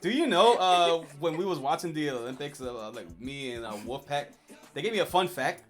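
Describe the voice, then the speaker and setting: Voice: medium pitch, lively intonation, normal speed. A casual streamer talks in a mid-range voice, rambling through a tier list with plenty of "like" and "uh" and restarting sentences. Faint music plays behind the voice. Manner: rambling, filler-heavy, with many restarts. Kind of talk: casual livestream chat.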